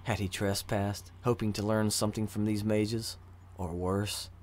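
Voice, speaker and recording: A man narrating a fantasy story in an even, measured reading voice. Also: fairly low pitch, slight background noise. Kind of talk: audiobook narration of fantasy fiction.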